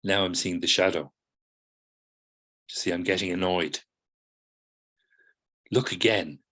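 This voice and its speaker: A man's voice: deep voice, little pitch movement, moderate pace, bright, forceful tone. A middle-aged man teaching psychotherapy students, explaining patiently, often checking in with "do you see?" and acting out people's replies. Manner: acts out students' replies in quoted voices. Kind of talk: lecture to students.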